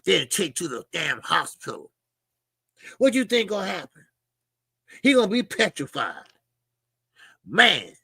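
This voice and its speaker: A man's voice: sits high, vocal fry, bright, forceful tone, breathy edge, no echo, clean studio sound. A man hosting a casual boxing livestream, talking animatedly with swearing and greeting chat viewers by name. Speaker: boxing show host.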